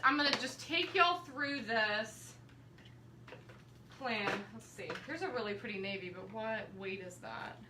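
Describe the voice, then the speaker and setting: A woman's voice: a little high, bright, forceful tone, a little hiss or hum. Chatty woman teaching quilting. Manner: chatty, friendly, addresses viewers directly. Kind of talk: live-streamed quilting demonstration. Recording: echoey room.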